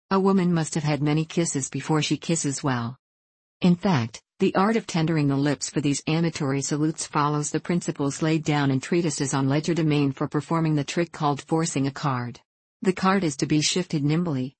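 A woman narrating a classic novel in a measured, even reading, giving the dialogue gentle voices. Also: low voice, dry recording, rough recording. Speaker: audiobook narrator.

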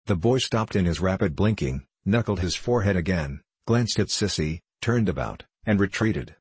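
A man reading a classic novel aloud in a measured, formal, ironic manner. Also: low-pitched, animated, a little mellow, husky, dry recording. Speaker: audiobook narrator. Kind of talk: scripted narration of a classic novel.

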